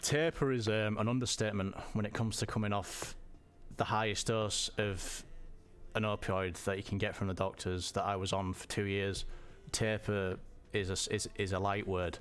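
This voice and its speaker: A man telling a personal story in a halting way, often repeating words and restarting. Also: fairly low pitch, fairly even intonation, smooth. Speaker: vlogger.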